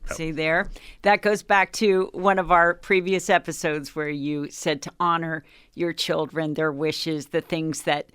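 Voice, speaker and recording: A woman's voice: low-pitched, steady tone, unhurried, fairly bright tone, clean tone, dry recording. A woman co-hosting a podcast, reacting and asking questions in casual chat. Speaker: podcast co-host.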